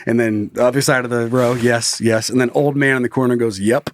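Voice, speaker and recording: A man's voice: medium pitch, a little fast, slight background noise. A man co-hosting a podcast, telling a funny story with energy and acting out what each person says. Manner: animated storyteller, acts out other people's lines. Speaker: podcast co-host. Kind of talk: casual comedic storytelling.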